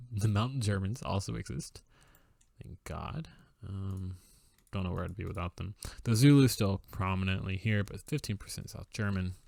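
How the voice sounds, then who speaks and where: A young man with a low, gravelly voice talks through his strategy game at the computer. He muses aloud, full of fillers and wry little asides. The sound is close and dry, with no room around it. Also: a little mellow, no room sound. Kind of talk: casual gameplay commentary.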